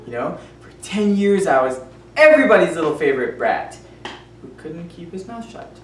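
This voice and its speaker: A woman's voice: lowish voice, big pitch swings, normal speed. A woman acting a pushy, nosy teenage boy neighbor, an ex-child star, who talks in an awkward, overfamiliar, giggly way. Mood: wistful. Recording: echoey room, mic far off, faint hiss.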